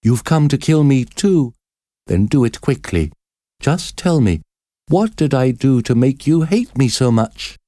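A man reading a story voices a frightened, defiant young woman prisoner, speaking high, pleading and trembling. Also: sing-song, measured pace, warm tone, no echo, studio quality. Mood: accusing.

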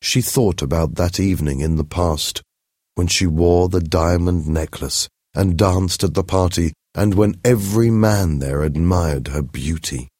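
Deep, husky male storyteller. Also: no room sound, studio quality. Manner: slow, expressive reading. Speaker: narrator. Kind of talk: scripted storybook narration.

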